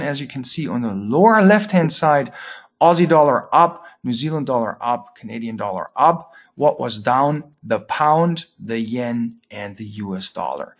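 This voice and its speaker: A man giving a weekly market update as a trading educator, with dry, sarcastic asides and many fillers. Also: mid-range voice. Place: lives in Germany.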